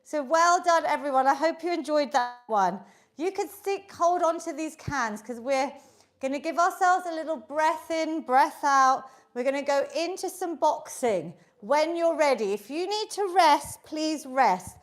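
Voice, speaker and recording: A woman's voice: high-pitched, lively intonation, unhurried. A woman leading an online exercise class, upbeat and encouraging, counting down reps and a little out of breath from moving along. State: slightly out of breath while exercising. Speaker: fitness instructor. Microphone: video call setup.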